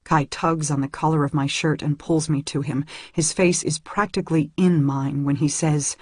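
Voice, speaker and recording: Woman narrating an audiobook, husky voice, dry close sound, earnest. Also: deep voice, fairly even intonation, normal speed, few pauses, darkish tone, dry recording. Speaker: audiobook reader. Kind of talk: first-person novel narration.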